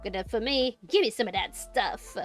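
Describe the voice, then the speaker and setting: A woman's voice: a little high, brisk, faint music behind. A woman streamer reading an interactive story aloud, with playful joking asides.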